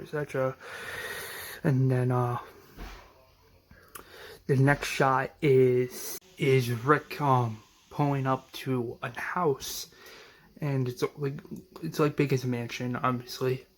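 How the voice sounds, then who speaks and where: A man casually retelling a TV episode scene by scene, rambling with many restarts and hesitations. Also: medium pitch. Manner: rambling, heavy on fillers and restarts. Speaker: episode recapper.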